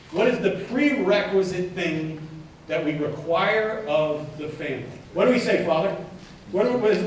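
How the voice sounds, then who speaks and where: A man delivers a keynote talk with an animated, joking energy, tossing questions out to the audience. His voice sits a little high. It rings through a large echoing hall, picked up from some way off the mic. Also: recorded from a distance, slight background noise. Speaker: keynote speaker. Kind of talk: lively conference keynote talk. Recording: echoey hall, mic set back.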